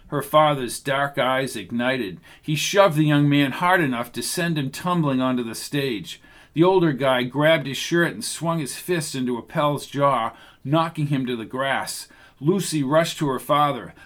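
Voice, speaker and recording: A man reading an audiobook in steady scripted narration. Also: mid-range voice, unhurried.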